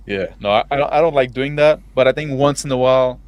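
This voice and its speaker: A man's voice: mid-range voice, quick pace, clean tone, no room sound, highs cut off. Laid-back male stream host, dry sound. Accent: non-native English accent. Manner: laughing, loose and profane. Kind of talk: casual stream chat.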